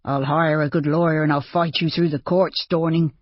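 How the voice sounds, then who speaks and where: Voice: medium pitch, steady tone, normal speed, dry recording, natural voice. An audiobook narrator voicing an arrogant landowner who snaps angrily. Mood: angry. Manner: snapping, angry, through clenched teeth. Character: angry arrogant landowner man. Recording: dull lo-fi dry.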